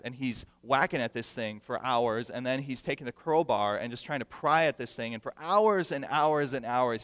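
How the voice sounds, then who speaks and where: A male pastor preaching a sermon with animated delivery, acting out the people he quotes and repeating words for emphasis. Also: mid-range voice, smooth. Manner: animated, acts out quoted voices; repeats words when stressing a point. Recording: long reverb of a large hall.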